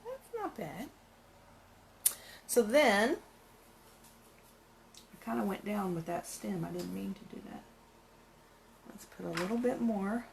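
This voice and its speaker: Woman, mid-pitched voice, chatty craft vlogger talking to herself as she paints. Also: big pitch swings, slow pace, creaky, pauses often, slight background noise, rough recording. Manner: thinks aloud, musing and chatty. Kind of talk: casual painting narration.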